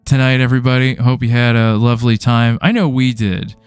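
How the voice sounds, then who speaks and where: A man's voice: medium pitch, a little fast, clean tone, dry recording, faint music behind. A man co-hosting a streamed podcast, speaking in a laid-back, joking way that often trails off. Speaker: podcast co-host. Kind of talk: casual streamed podcast chat.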